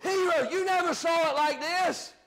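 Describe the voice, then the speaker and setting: High-pitched shouting preacher. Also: male voice, moderate pace. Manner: shouting preacher, drops to low asides. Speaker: pastor. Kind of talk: fiery sermon.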